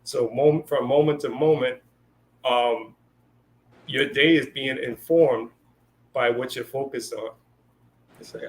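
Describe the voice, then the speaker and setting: A man's voice: medium pitch, slow, pauses often. A man co-hosting a casual spiritual discussion, talking loosely with lots of fillers and acted-out quotes. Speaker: co-host.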